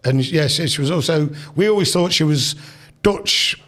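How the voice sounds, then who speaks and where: A man's voice: fairly high pitch, moderate pace, fairly bright tone. A man in his sixties, a podcast guest, telling rambling family stories in a chatty, casual way. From England. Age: 60s. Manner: rambling, chatty, with restarts and asides. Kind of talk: casual storytelling.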